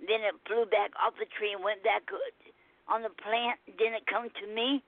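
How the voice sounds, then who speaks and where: A woman's voice: mid-range voice, fairly even intonation, dry recording. Caller, woman, hesitant speech full of restarts, thin phone-line sound. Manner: halting, with many ums and restarts. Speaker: caller reading poetry. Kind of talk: casual phone chat and poem reading. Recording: tinny dry phone line.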